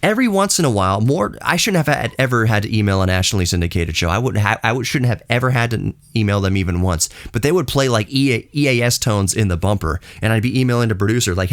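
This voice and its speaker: A man in his late thirties hosting a podcast. He rants in a casual, blunt and sarcastic way, and his voice leaps high in disbelief, then drops low for asides. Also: expressive, fast, few pauses, dry recording, studio quality. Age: late 30s. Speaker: podcast host. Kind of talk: casual ranting monologue.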